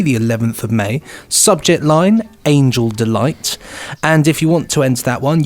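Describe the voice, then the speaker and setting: A man co-hosting a podcast in casual chat, enthusiastically plugging a shop and reading out a competition. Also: medium pitch. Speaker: podcast co-host.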